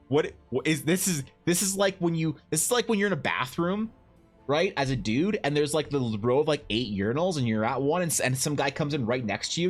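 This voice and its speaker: A young man chatting casually on a live stream while he paints, telling stories in a rambling, animated way with lots of restarts. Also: a little high, fast, soft background music. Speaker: Twitch streamer and artist.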